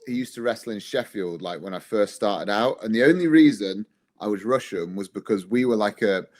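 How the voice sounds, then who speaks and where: A man's voice: fairly low pitch, lively intonation, a little fast. A man, a wrestler, chatting casually in an interview and telling rambling, self-deprecating stories. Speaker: guest, wrestler.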